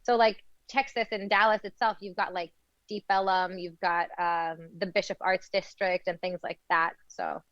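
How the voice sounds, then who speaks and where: A woman's voice: on the low side, little pitch movement, normal speed, fairly bright tone, no room sound, lo-fi sound. A young woman from Arizona, a law student guest chatting casually on a podcast, full of "like" fillers. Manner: chatty, heavy use of "like".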